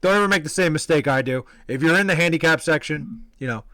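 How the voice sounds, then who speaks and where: A young man from New York casually telling a story, animated, profane and self-deprecating. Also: on the high side, fast, no room sound, poor audio. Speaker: vlogger telling a personal story.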